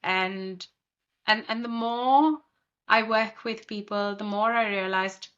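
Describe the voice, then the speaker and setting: Calm woman yoga therapist, bright but dull sound. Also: medium pitch, slow pace. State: slightly under the weather. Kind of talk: casual interview chat.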